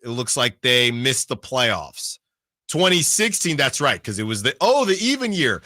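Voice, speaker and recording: A man's voice: mid-range voice, sing-song, moderate pace, sharp tone, dry recording, clean studio sound. A man hosting sports radio, reading out team records in casual talk and checking himself as he goes. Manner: reads out records, self-checking.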